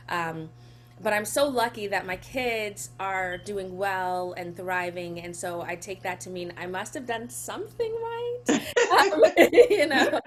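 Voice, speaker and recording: A woman's voice: fairly low pitch, slight background noise. Laughing, heartfelt mother in conversation. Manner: warm, laughs often, emotional when speaking of her son. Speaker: guest actress and poet. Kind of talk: casual interview chat. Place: home.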